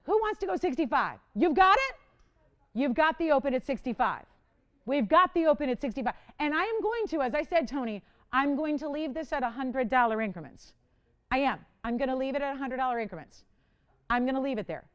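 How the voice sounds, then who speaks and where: Chatty, higher-voiced woman hosting a live auction. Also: fairly quick. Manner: animated, chatty, talks to callers and crew; dramatic, playful self-mocking. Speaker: live shopping host. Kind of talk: live jewelry auction selling. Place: TV studio.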